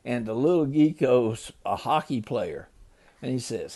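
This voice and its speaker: A man's voice: mid-range voice, animated, a little slow, warm tone, breathy edge. An older man, a grandfather, loosely retelling a children's story to a grandchild, ad-libbing with small slips.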